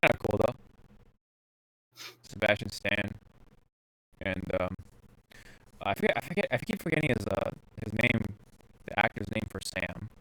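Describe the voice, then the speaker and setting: A man's voice: lowish voice, expressive, moderate pace, pauses often, sharp tone, dry recording, poor audio. A man hosting a podcast in casual chat, rambling with lots of fillers and restarts. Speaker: podcast host.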